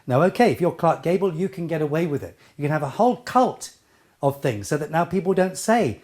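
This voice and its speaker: A man's voice: fairly high pitch, a little fast. Emphatic, theatrical middle-aged man coaching speech. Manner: emphatic, theatrical, animated delivery with playful asides. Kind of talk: spoken lesson to camera.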